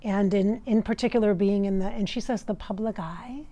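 An American woman working as a spiritual medium, relaying messages in a channeling session in a halting way, searching for words. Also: medium pitch, warm tone, dull audio. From United States.

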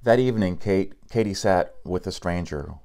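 A man with a low voice reads a picture book aloud. His pace is steady and unhurried, with a few slips and restarts along the way. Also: faint music behind. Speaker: narrator.

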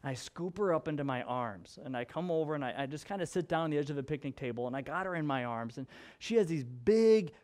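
A male pastor preaching a sermon with personal storytelling, in an expressive, conversational way that moves between emphatic and hushed. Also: on the high side, fast. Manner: conversational with restarts and fillers.

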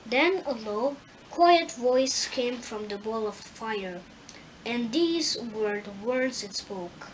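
A woman narrating a storybook chapter in a slow, careful reading voice. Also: a little high, animated, a little hiss or hum, low-quality recording. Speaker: audiobook reader.

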